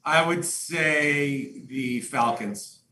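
A middle-aged man chats in an animated, teasing way, his fairly high voice bright and forceful. He sounds set back from the mic in a roomy space with faint ambient noise behind him. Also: drawn-out words, recorded from a distance. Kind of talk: casual chat.

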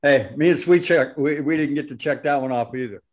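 A man's voice: fairly high pitch, fairly quick, darkish tone. A middle-aged man co-hosting a casual podcast, asking long, hesitant questions. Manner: rambling, hesitant questions with many fillers. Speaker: podcast co-host.

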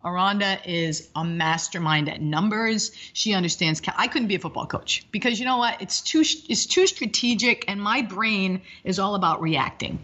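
An energetic woman in her fifties talks as an interview guest and tells animated, rambling stories from her coaching life. Her voice is bright and forward. The recording is slightly dull and lo-fi. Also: mid-range voice, normal speed, few pauses. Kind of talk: casual interview chat.

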